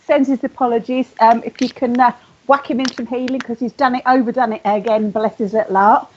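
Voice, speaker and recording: A woman's voice: a little high, fairly even intonation, a little fast, a little mellow, muffled recording, a little hiss or hum. A woman guest on a chat show, cheeky and teasing over a video call. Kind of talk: casual chat.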